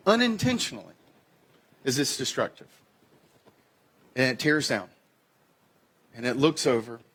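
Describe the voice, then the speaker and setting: A man in his thirties preaching a sermon in a conversational way, acting out the quoted lines with sudden jumps in pitch. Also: a bit bright, slightly rough. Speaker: pastor. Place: church sanctuary.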